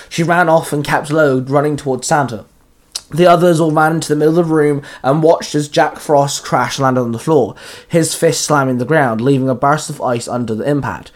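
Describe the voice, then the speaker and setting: A man narrating a fan fiction story in a casual, plain reading voice. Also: medium pitch.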